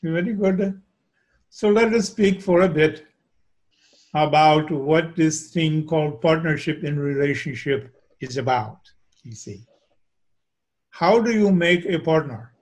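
A man in a channeling trance, voicing a gentle, wise spirit who speaks as a small Indian man with an Indian accent and a slow, measured, preaching manner. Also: on the high side. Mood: serene. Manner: slow, measured, sermon-like, repeats "you see".

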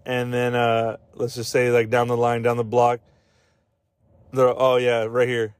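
A man's voice: mid-range voice, monotone, measured pace, clean tone, no echo. A man hosting a podcast in casual chat, rambling and swearing as he laughs at his own jokes. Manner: rambling, profane, laughs often. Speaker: podcast host.

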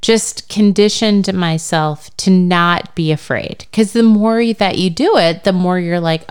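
A woman's voice: on the low side, unhurried, few pauses, clear, resonant tone. An American woman co-hosting a casual chat, telling stories with lots of swearing. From United States. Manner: animated, profane storyteller. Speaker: podcast co-host.

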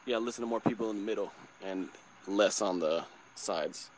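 Rambling young podcast co-host. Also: male voice, fairly low pitch, normal speed, a little hiss or hum. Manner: rambling, laughs often, self-correcting. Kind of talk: casual chat.

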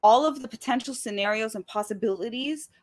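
A young woman with a fairly high voice tells a story in lively, profane bursts. She jumps between fast runs and drawn-out words while chatting casually with her partner. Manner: animated storytelling, swearing freely. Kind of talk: casual chat.

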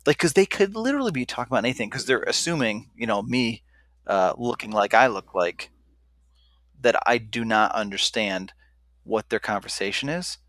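A man's voice: mid-range voice, expressive, normal speed, fairly bright tone, dry recording. A man co-hosting a casual chat, talking in a rambling, hesitant way with many ums and restarts. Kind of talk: casual conversation.

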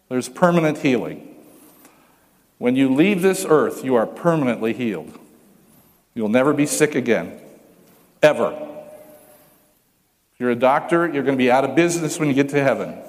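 A pastor preaching a sermon, telling stories with humor and acting out the voices of the people in them. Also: male voice, medium pitch, long reverb tail. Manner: animated storytelling, acts out voices with humor.

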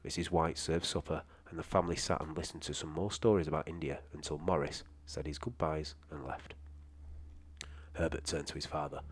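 A man reading a short story aloud in a steady, measured way. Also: rumbling low, husky.

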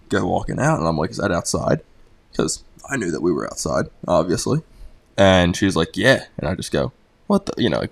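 A man's voice: low voice, creaky. A young man co-hosting a podcast, chatting in a laid-back way with lots of fillers. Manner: laid-back, filler-heavy, quick to laugh. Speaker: podcast co-host. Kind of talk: casual podcast chat.

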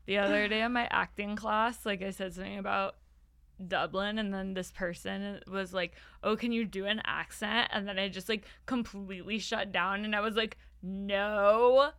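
Playful, bright-voiced woman co-host. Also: mid-range voice, flat delivery, clean tone, dry recording, clean studio sound. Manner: quick, playful, swears when flustered. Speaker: podcast co-host. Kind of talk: casual chat.

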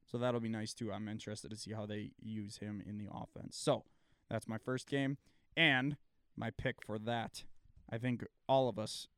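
A man's voice: lowish voice, steady tone, normal speed, fairly bright tone, clean tone, dry recording, studio quality. A man co-hosting a sports podcast, chatting casually and laughing often.

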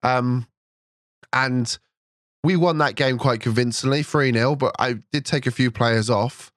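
Chatty man, excitable, dry close voice. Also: medium pitch, a little slow, no room sound. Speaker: podcast co-host. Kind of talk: casual podcast chat.

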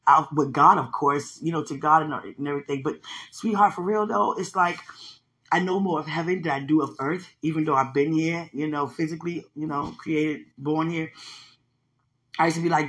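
A woman giving a rambling, emotional, faith-filled spoken message to a minister, full of "you know" and swinging between soft talk and tearful laughing. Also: deep voice, moderate pace, husky.

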